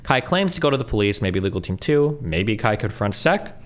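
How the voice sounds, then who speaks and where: A male streamer reading messages aloud quickly, breaking in with blunt asides and swearing. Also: fairly low pitch, very animated. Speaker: streamer reacting to online posts.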